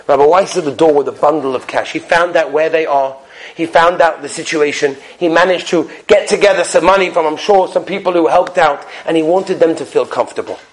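A man giving a storytelling sermon as a rabbi, animated, swinging between loud emphasis and hushed drops, with Yiddish and Hebrew terms mixed in. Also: sits high. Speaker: rabbi giving a Torah talk.

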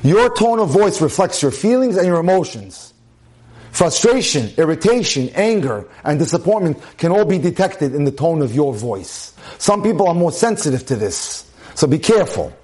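A man's voice: fairly high pitch, sing-song, moderate pace, a little mellow. A man giving a sermon-style talk on marriage, emphatic and full of rhetorical questions. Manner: emphatic, repeats phrases, asks rhetorical questions.

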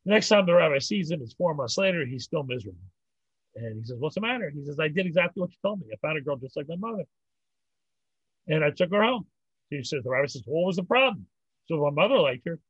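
Older rabbi, husky, telling jokes. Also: male voice, on the high side, lively intonation, fast talker, dry recording, dull audio. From North America. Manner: rambling, repeats words, tells old jokes with laughs. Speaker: rabbi, interview guest. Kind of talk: storytelling conversation.

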